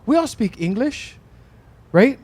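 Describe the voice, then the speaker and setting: A man's voice: extremely high pitch, very animated, slow pace, darkish tone, husky, dry recording. A man, preaching a casual sermon in a church, thinking aloud with restarts and a frequent "right?". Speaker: pastor. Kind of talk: conversational sermon. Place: church in Hawaii.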